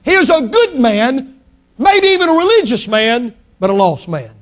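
A man's voice: big pitch swings, moderate pace. A man preaching a sermon, emphatic, lifting and dropping his voice for effect. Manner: emphatic preaching, rising and falling pitch for effect.

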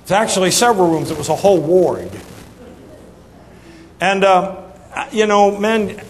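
A middle-aged man preaching a sermon, telling a humorous story in an animated, folksy way that swings between loud punchlines and soft asides. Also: sits high, brisk, a little hiss or hum. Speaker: pastor. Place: church sanctuary. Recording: reverberant church hall, faint ambience.

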